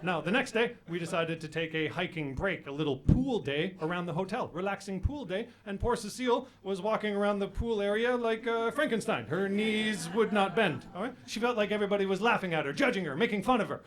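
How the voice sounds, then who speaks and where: A middle-aged man from Canada doing a rambling, self-mocking stand-up set on a club stage, now and then bursting into shouted impressions. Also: high voice, fairly quick, few pauses. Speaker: stand-up comedian. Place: comedy club stage with a live audience.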